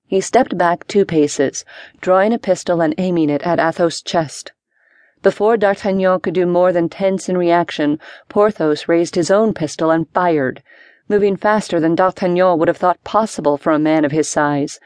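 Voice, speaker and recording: Brief: female audiobook narrator, lower register, dry close sound. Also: fairly even intonation, normal speed, a little mellow, clear, resonant tone, no room sound. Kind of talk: scripted narration.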